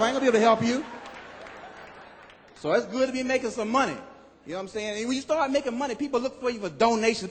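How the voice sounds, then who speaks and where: A man performing a stand-up comedy routine on stage, animated and loud on his punchlines, acting out other people's voices. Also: extremely high pitch. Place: comedy club stage with live audience. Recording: live hall recording with audience.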